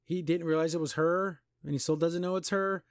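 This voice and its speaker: A man hosting a podcast, recapping and criticizing an animated pilot in casual, exasperated commentary with mocking quoted voices. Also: a little high, fairly quick, no room sound, studio quality. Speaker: podcast host reviewing an animation.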